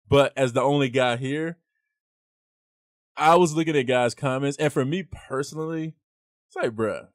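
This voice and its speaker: A young man hosts a casual podcast and argues his side in a laid-back but animated way. He leans on slang and stacks up rhetorical questions to press his point. His voice sits mid-range, close and dry on the mic. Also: medium pitch, dry recording. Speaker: podcast host.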